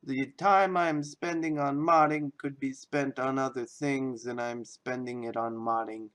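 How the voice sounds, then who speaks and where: A man's voice: medium pitch, fairly even intonation, a little slow, fairly bright tone, dry recording. A man who makes game mods, giving a casual, offhand video walkthrough of his work. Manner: rambling, offhand. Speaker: game modder.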